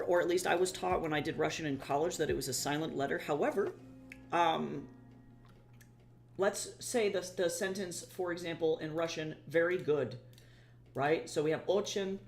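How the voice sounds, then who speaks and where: A young adult streamer in casual live-stream chat, rambling and swearing casually while talking to viewers. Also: mid-range voice.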